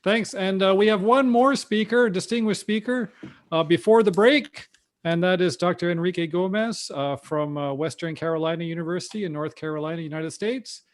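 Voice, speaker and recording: A man's voice: high-pitched, normal speed. A man hosting an online astronomy event over a video call, introducing speakers in a casual, slightly stumbling way. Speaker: host.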